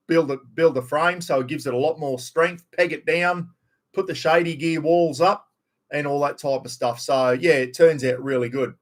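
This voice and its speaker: A middle-aged man with a broad North Queensland Australian accent, rambling bluntly and swearing freely during a casual live stream chat. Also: a little high.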